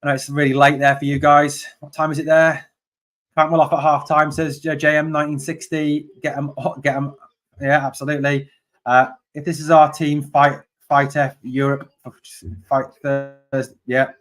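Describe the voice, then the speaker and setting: A man's voice: fairly high pitch, little pitch movement, normal speed. Chatty man calling a football match live. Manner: chatty, reads out and answers viewer comments; bursts into exasperated shouting at his team. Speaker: fan channel host. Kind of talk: live watch-along match commentary.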